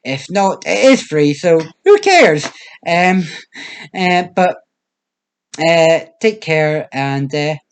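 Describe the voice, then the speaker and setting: A man's voice: on the high side, sing-song, slow pace, smooth. A young British man delivering a wry, self-deprecating stand-up comedy monologue.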